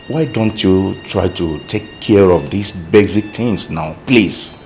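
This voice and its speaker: A man playing a soft-spoken husband who pleads and tries to calm his wife, in a film scene with faint music under it. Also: low voice, slow pace. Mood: pleading. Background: background music.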